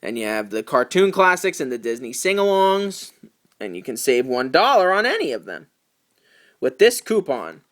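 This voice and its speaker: A young man from New York talks through a collection in a casual, chatty way. His voice sits a bit high and swings widely in pitch. He tosses in jokey asides as he goes. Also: big pitch swings, moderate pace, a bit bright. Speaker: video collector host. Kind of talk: casual unboxing commentary.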